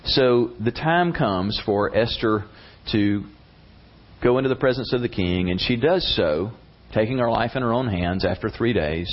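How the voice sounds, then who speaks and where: A man preaching a sermon, retelling a story in an animated, conversational way. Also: on the low side, moderate pace. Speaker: pastor. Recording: dull lo-fi recording.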